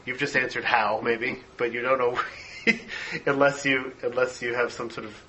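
A man's voice: medium pitch, fairly even intonation, normal speed, bright, forceful tone, a little hiss or hum, low-quality recording. A man leading a casual discussion, talking with enthusiasm and lots of fillers, while losing his voice. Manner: enthusiastic, many fillers and laughs.

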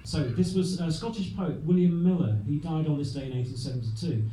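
A man's voice: fairly high pitch, fairly quick, warm tone. Chatty man hosting a live show, echoey. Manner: chatty, reads from notes. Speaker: host. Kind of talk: live show chat, reading facts. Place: live venue. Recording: echoey room, from far off with faint noise.

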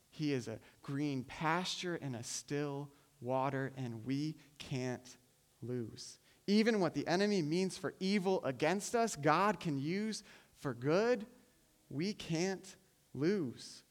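A man's voice: fairly high pitch, expressive, slow pace. A man preaching a sermon in an earnest way, often repeating words as he starts phrases. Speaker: pastor.

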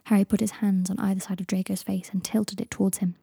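A woman reading fan fiction aloud in a soft, hushed manner with a gravelly, husky voice. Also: mid-range voice, flat delivery, fast, no echo, studio quality. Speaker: audiobook reader.

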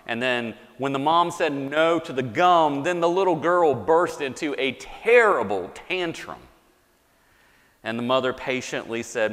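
A man's voice: mid-range voice, expressive, fairly bright tone. Man preaching in a reverberant hall. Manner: measured, deliberate reading with slowed emphasis. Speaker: pastor. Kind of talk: sermon. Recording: long reverb of a large hall.

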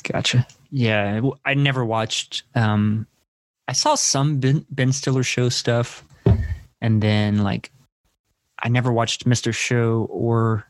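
Male podcast co-host, mid voice, dry close sound, animated and loose. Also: mid-range voice, takes it slowly, dry recording. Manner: animated, laughing, swearing, acts out movie lines. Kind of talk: casual film-discussion chat.

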